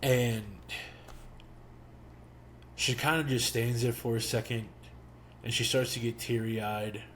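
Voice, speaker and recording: Slow, reflective male podcast storyteller. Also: medium pitch, fairly even intonation, fairly bright tone, slight background noise. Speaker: podcast host. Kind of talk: storytelling monologue.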